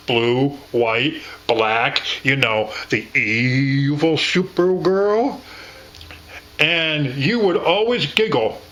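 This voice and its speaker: A man's voice: a little high, sharp tone, rough recording. A man reminiscing in casual chat, rambling and affectionate, with casual swearing. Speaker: co-host.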